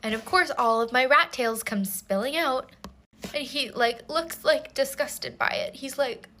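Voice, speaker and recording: A woman's voice: sits high, unhurried, bright, forceful tone, a little hiss or hum. A young woman telling a comedic storytime in a mock-earnest, rambling way full of restarts. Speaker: TikTok storyteller.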